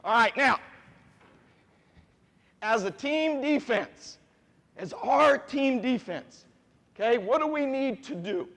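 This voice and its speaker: High-voiced coach in an echoey gym. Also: male voice, slow pace, long pauses. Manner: animated, asks the players questions, repeats key points. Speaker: basketball coach. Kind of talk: coaching clinic instruction. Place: gym with players on court.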